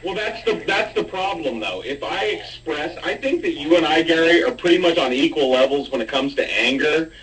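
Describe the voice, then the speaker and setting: A man's voice: fairly high pitch, expressive, normal speed, few pauses, fairly bright tone. Blunt, swearing man on a distant call. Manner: blunt, self-mocking, swears freely. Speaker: chat room participant. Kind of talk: casual heated group chat.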